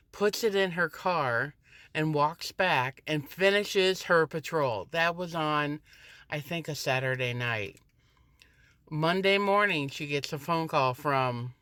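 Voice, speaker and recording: A woman's voice: deep voice, dry recording. A woman working as a campus security officer tells a casual story while walking to her car through a parking garage, recorded on a phone she holds as she walks. She acts out the people in her story by raising her voice for their lines. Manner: animated, acts out quoted dialogue in a raised voice. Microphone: phone held while walking.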